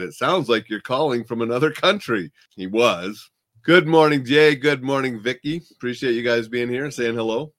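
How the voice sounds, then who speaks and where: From his home desk, a Montana man hosts a casual chat, telling stories in a blunt, plainspoken, chatty way. His voice is mid-range and a bit bright.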